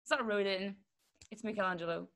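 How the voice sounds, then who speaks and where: A woman's voice: a little high, a little slow, fairly bright tone. Chatty young woman from Luxembourg. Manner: chatty, loose, trailing fillers. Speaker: quiz round host. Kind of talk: casual online quiz chat.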